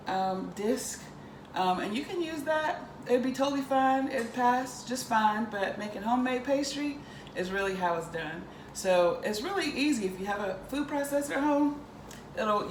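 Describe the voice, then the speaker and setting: Upbeat lady walking thru a recipe, lots of ums, middle pitch, noisy roomy kitchen. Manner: chatty, upbeat, many ums and likes. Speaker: cooking show host. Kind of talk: casual cooking demonstration. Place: home kitchen. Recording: echoey kitchen with background noise.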